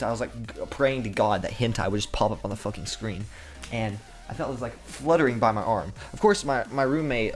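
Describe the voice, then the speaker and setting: A man's voice: mid-range voice, a little mellow. A young man telling a crude, rambling comedic story full of swearing, restarts and asides.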